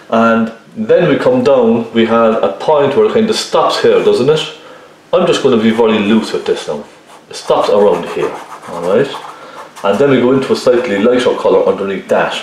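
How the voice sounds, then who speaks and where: A man giving a relaxed painting tutorial, talking viewers through each step and often checking in with them as he works. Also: mid-range voice, slight background noise. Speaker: painting teacher. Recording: very echoey room.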